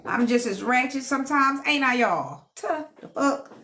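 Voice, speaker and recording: A woman's voice: high voice, animated, moderate pace, sharp tone, a little hiss or hum. A woman hosting a casual live stream at home, a self-described healer and teacher who reads comments, laughs often and talks to viewers in a sassy, playful way.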